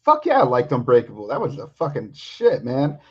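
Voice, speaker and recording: This podcast host, a man of medium pitch, talks a little fast with huge swings in pitch. He keeps the casual chat blunt and laced with constant profanity. Audio quality is dull and lo-fi.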